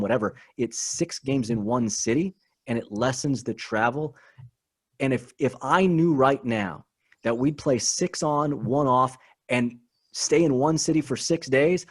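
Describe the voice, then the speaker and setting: Emphatic man talking fast on a podcast. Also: medium pitch. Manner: animated, emphatic, repeats words. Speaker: guest, team spokesman. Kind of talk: casual podcast chat.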